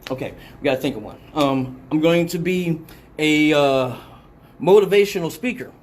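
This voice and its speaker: A man hosting a live comedic talk show, telling rambling, profane stories in an animated way. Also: on the high side, moderate pace.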